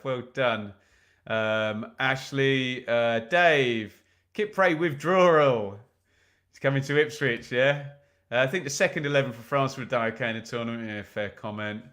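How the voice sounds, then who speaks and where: A man's voice: medium pitch, fairly bright tone. A man hosting a live football watch-along, chatting casually with viewers and reading their comments, with frequent "um" fillers.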